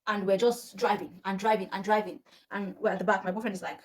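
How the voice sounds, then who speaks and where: A young woman with a Nigerian accent telling a personal storytime to her viewers in a chatty, animated way. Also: medium pitch, fast talker. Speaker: vlogger. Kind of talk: storytime vlog.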